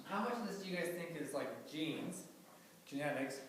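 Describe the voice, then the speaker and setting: A fairly high-voiced man speaks as a doctor giving a loose, chatty lecture. He leans on fillers and keeps asking the audience questions. He is recorded from far off in a very echoey room, with a faint hum behind him. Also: expressive, moderate pace. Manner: casual, filler-heavy, asks the audience questions. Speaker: doctor giving a health talk. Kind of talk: informal lecture to a live audience.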